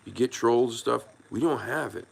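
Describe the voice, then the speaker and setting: A man's voice: mid-range voice, normal speed, creaky, husky. A man hosting a casual live stream, thanking viewers by name and talking earnestly in a rambling way with many restarts, moved by the support. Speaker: YouTube live stream host.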